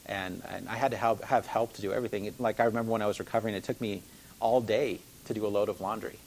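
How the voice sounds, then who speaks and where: A man's voice: on the low side, steady tone, quick pace, a little mellow, a little hiss or hum, poor audio. A man telling a personal faith testimony in an earnest, rambling way, full of fillers and restarts.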